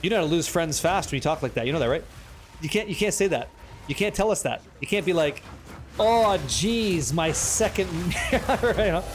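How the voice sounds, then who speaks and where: High-voiced joking streamer man. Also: lively intonation, a little fast, faint music behind. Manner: joking, swears freely, reads chat aloud. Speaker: livestream gamer. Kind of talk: casual livestream chat.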